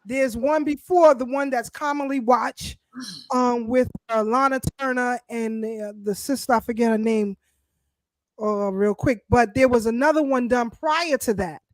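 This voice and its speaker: A woman co-hosting a casual political talk show, speaking in an animated, emphatic way. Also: fairly high pitch, measured pace, no echo. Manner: animated, emphatic, speaks of herself as party founder. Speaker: show co-host.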